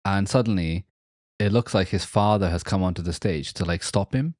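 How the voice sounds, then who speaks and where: A young Welsh man with a Welsh accent, co-hosting a casual music podcast, animated and laughing often. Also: deep voice, moderate pace, no room sound, studio quality. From Wales. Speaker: podcast co-host. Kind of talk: casual chat about music.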